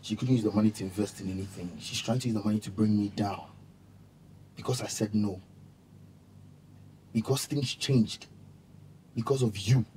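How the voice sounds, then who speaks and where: A man's voice: lowish voice, moderate pace, pauses often, dark tone, slight background noise, close to an everyday voice. An actor playing a betrayed young father who accuses his mother with repeated, demanding questions. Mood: bitter. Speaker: son confronting his mother. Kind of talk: TV drama acting.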